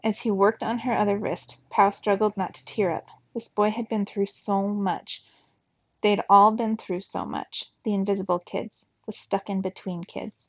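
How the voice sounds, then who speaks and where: Brief: woman reading a children's novel aloud, husky and gravelly, dry dull lo-fi recording. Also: mid-range voice, moderate pace, dry recording. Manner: steady storybook narration. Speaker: reader.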